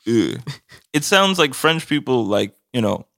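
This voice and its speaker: A man's voice: medium pitch, big pitch swings, moderate pace, creaky, bright, forceful tone, no echo, clean studio sound. A man co-hosting a casual podcast, telling stories in a loose, profane way with lots of filler words. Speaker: podcast co-host. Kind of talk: casual chat.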